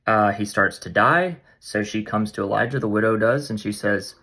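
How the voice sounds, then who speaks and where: Jokey guy doing a bible vlog, low voice, bright and edgy. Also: normal speed, hardly any pauses, slightly rough. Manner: playful, jokey, slangy. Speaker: vlog host. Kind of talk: casual Bible study vlog.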